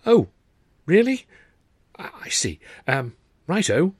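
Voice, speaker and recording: A man's voice: fairly high pitch, very animated, slow, breathy edge, studio quality, pitched above the performer's own voice, heavily acted. A man voicing an anxious, eager young male music-hall performer who stammers and pleads with his boss.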